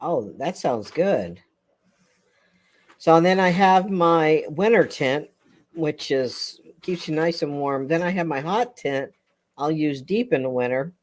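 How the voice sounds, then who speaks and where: A woman's voice: deep voice, animated, slow pace, darkish tone. Chatty older woman hosting a live chat. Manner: chatty, rambling, laughs often. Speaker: livestream host. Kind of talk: casual live chat with viewers.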